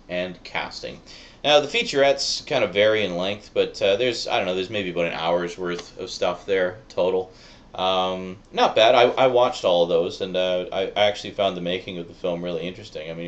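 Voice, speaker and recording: A man's voice: deep voice, a bit bright. A man giving a chatty, rambling spoken review, full of fillers and little laughs, his voice cracking at times. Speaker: Blu-ray reviewer. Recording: dull lo-fi sound, faint noise.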